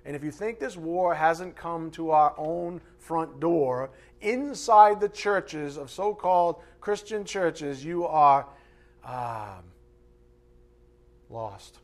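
Male pastor, sermon delivery, slightly high-pitched, animated with mimicking asides. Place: church or teaching room with a board.

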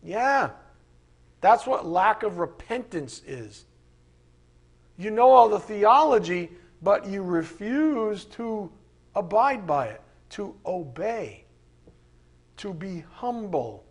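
A man preaching a sermon, emphatic and animated, with mocking asides. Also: high voice, slow pace.

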